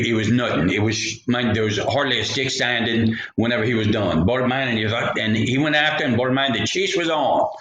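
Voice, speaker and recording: A man's voice: mid-range voice, a bit bright. A man telling a folksy story, rambling into jokey asides. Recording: roomy echo.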